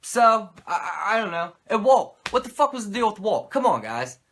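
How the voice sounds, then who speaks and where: A man who reviews wrestling shows in a loose, rambling way, swearing freely and mocking himself. His pitch swings widely and his voice has a bright edge. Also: big pitch swings, moderate pace, slight background noise. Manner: rambling, profane, self-mocking. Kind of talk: casual commentary.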